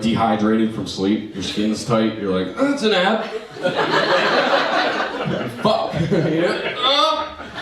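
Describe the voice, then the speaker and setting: A young man doing a stand-up set at a comedy club, telling crude, self-mocking stories with quick asides. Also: on the low side. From Maryland, USA. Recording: echoey club heard from far off, noisy.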